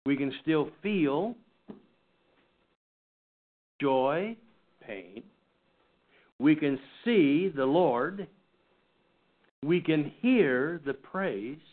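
A man teaching a Bible study class in an earnest, halting way, often restarting his sentences. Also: fairly high pitch, animated. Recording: tinny phone-like recording.

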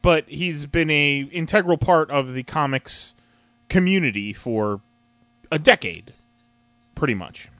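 A man's voice: fairly high pitch, lively intonation, unhurried, long pauses, a bit bright, no room sound. A man hosting a casual comics podcast, rambling with fillers and restarts. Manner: rambling, with many fillers and restarts, laughing often. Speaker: podcast host.

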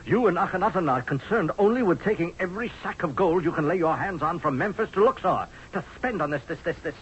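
A blunt, sardonic army general. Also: male voice, high-pitched, lively intonation, fast, a little hiss or hum. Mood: scornful. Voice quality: sardonic, forceful, pleading. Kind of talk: 1970s radio drama acting. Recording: dull lo-fi old radio broadcast.

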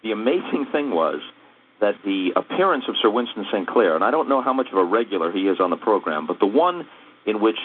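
A man's voice: on the low side, very animated, fairly quick, slight background noise. A man calling in by phone, speaking in a grand, mock-solemn way. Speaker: caller. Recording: tinny phone line on radio.

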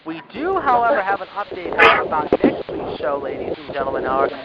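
Lo-fi man hosting radio with loud hiss. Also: fairly high pitch, very animated, fast. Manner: announcer-style, leans on "however" and "ladies and gentlemen". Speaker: wrestling radio show host. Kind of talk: internet radio talk show. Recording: dull lo-fi audio with loud noise.

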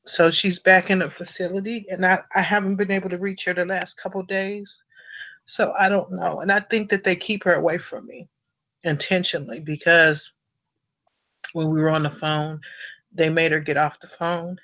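Earnest halting man, bright tense voice. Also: high-pitched, little pitch movement, dry recording, dull audio. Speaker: host of a support conference call. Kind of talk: conference call sharing.

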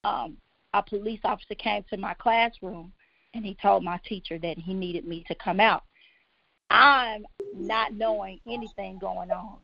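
A woman telling her own life story on a talk show, halting with many pauses and restarts, emotional and close to tears. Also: medium pitch, vocal fry, no room sound. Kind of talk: personal testimony on a talk show. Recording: dull, lo-fi, dry sound.

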